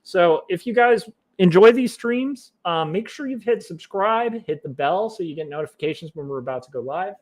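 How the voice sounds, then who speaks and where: Guy streaming while he colors comics, rambly and self-deprecating, a bit higher voice, joking with chat. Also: lively intonation, moderate pace, few pauses, darkish tone. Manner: wry, self-mocking, drifting into jokey quoted voices. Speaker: livestreaming comic artist. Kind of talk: casual chat to viewers while drawing.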